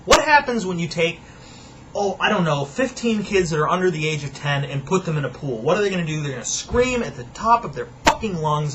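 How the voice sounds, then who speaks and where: A man's voice: a little high, sing-song, a little fast, noisy background. A young man at home delivering an angry, profane, sarcastic rant to his viewers. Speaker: vlogger. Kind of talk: profane ranting monologue.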